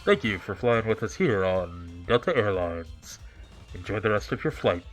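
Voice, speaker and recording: A man putting on the voice of a calm male airline pilot giving a landing announcement in a measured announcer's delivery. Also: fairly low pitch, faint music behind, pitched below the performer's own voice, close to an everyday voice. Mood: calm announcing.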